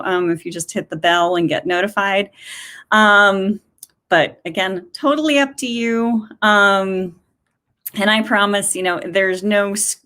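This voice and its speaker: Casting note: woman host, chatty and rambling, a bright, forceful voice. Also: medium pitch. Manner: chatty, laughing, rambling with fillers. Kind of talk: casual chat.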